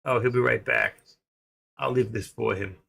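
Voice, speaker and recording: A man's voice: medium pitch, fairly even intonation, normal speed, creaky, bright, forceful tone, slightly rough. A man with a New York accent from Queens hosting a trading livestream, rambling and joking as he thinks aloud. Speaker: stock trading livestream host. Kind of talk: casual livestream chat.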